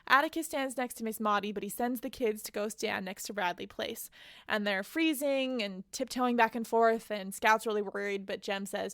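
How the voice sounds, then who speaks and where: A woman's voice: mid-range voice, normal speed, a bit bright, no echo, studio quality. A woman hosting a podcast, retelling a novel's plot in a casual, chatty way with personal asides. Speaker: podcast host. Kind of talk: casual book recap.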